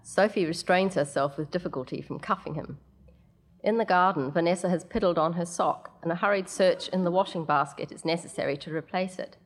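A woman narrating a story aloud in a measured way, with the odd casual aside. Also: lowish voice.

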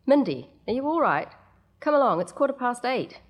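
A woman's voice: on the high side, sing-song, normal speed, voice pushed up. A woman reading a story, voicing a harried mother who coaxes her children in a raised voice. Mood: coaxing. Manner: raised, coaxing and exasperated. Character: harried, exasperated mother of three.

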